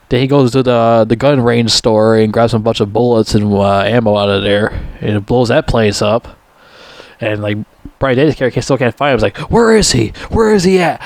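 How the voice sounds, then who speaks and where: A man's voice: medium pitch, a little mellow, no echo. A man giving a rambling, profanity-laced casual movie review, with lots of restarts and sudden emphatic rises.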